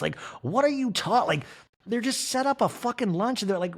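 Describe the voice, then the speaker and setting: A man's voice: high voice, big pitch swings, moderate pace, slightly rough. A young man hosting a comedic reality TV recap podcast, riffing with exasperation and lots of laughter, his voice getting worn out. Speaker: podcast host.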